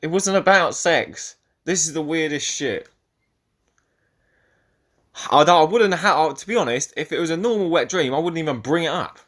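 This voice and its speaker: A young man running a solo podcast speaks in a slightly high, somewhat bright voice at a moderate pace, leaving long pauses. He rambles, swears, and often stops himself in the middle of sentences.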